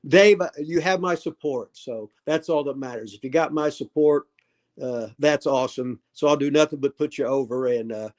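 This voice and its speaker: Rambling gruff older man host. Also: medium pitch, moderate pace. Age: 70s. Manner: rambling, gruff, trailing off and restarting. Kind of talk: casual livestream chat.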